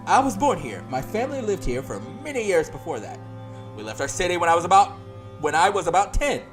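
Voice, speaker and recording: A man voicing a fabulous, flamboyant small-town cafe owner in a loud, showy put-on voice while playing a game. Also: high-pitched, very animated, fast, faint music behind, pitched above the performer's own voice. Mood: chatty.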